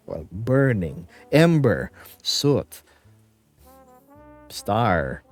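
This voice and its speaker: Soft music sits under this slow, very animated, fairly low male voice. He's a man from the Philippines with a light Filipino accent, hosting a casual live stream from home where he jokes around, rambles and reads the chat aloud.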